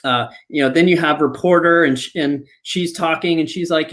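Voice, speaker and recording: A man's voice: on the high side, moderate pace, fairly bright tone. A man hosting a podcast, telling a story casually with many fillers and restarts. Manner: rambling, full of fillers and restarts. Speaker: podcast host. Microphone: podcast microphone, live online.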